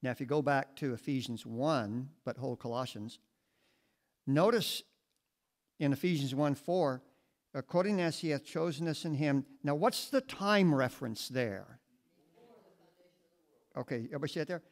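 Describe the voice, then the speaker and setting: A man's voice: medium pitch, normal speed, pauses often, poor audio. A male American pastor teaching verse by verse in a conversational way, often asking the congregation questions, sometimes moving away from the mic. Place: church classroom with audience. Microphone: moves away from the mic at times.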